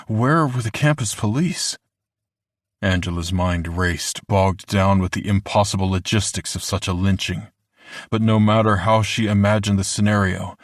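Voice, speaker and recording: A man reading a horror audiobook in a measured, deliberate way, slowing down for the grim moments. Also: lowish voice, no room sound, studio quality. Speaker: audiobook narrator. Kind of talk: scripted horror narration.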